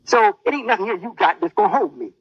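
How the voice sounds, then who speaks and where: High-voiced boastful male preacher. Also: huge pitch swings, fast talker, breathy edge, no echo, muffled recording. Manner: boastful, menacing. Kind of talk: sermon.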